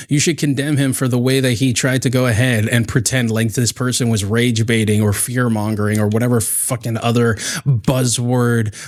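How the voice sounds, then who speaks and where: A man giving heated, profane reaction commentary with an exasperated tone. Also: mid-range voice. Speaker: commentary youtuber.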